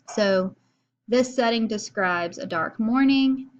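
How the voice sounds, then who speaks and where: A woman's voice: medium pitch, normal speed. A woman teacher recording a video lesson, explaining in a casual way with frequent fillers.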